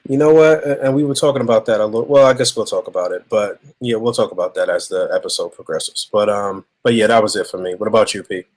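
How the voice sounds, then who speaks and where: A man's voice: lowish voice, fast talker, few pauses, a little mellow. A man hosting a podcast in easygoing casual chat, steering the talk and handing turns to the others. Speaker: podcast host.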